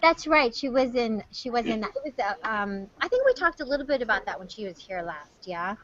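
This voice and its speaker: A woman hosting a casual video-call hangout, playful and quick to joke, heard through lo-fi call audio. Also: on the high side, very animated, a bit bright. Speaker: host.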